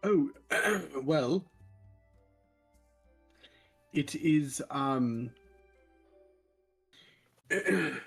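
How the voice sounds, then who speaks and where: A man's voice: fairly high pitch, drawn-out words, creaky, pauses often, breathy edge, faint music behind. A man playing a tabletop game character, rambling and stumbling through explanations with many fillers. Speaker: player.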